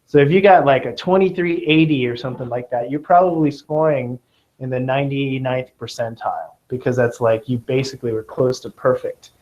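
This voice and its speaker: A man's voice: mid-range voice, a little mellow. Man, tutor, Southern Californian accent, joking, lecturing, lo-fi classroom recording. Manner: joking, checks in with students.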